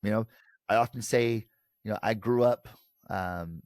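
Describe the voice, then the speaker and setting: An American man from Detroit, a professor and author, talking in an interview in a lively way and acting out quoted voices. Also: lowish voice, measured pace, dry recording, studio quality. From Detroit, United States. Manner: animated, acts out quoted voices. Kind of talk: conversational interview.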